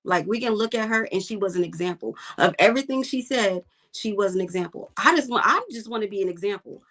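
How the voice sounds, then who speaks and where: A woman's voice: mid-range voice, fast talker, a bit bright. A woman guest, a commercial fisherwoman, talking bluntly and emphatically in a casual interview and repeating her points for weight.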